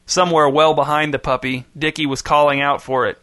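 A man reading a story aloud in steady, even scripted narration. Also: fairly high pitch, a little fast, no echo, studio quality.

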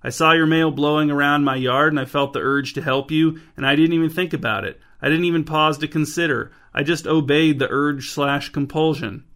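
A man's voice: fairly high pitch, fairly even intonation, a little fast, few pauses, fairly bright tone, close to an everyday voice. A man reading an earnest, over-explaining neighbor. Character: awkward compulsive male neighbor.

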